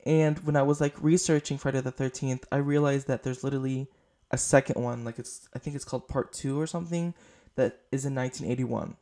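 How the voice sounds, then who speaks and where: A man's voice: medium pitch, fairly even intonation, brisk, dark tone. A man hosting a casual podcast film review, rambling and gushing with many fillers, tired and up late. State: short on sleep, up late. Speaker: podcast host.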